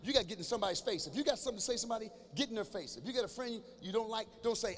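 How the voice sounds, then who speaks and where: A middle-aged man performing stand-up comedy at a live show in a large church venue, talking straight to the crowd in an animated way and now and then breaking into shouts. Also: sits high, very fast, hardly any pauses. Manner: animated, addresses the audience directly, breaks into shouts. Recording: echoey hall with faint ambience.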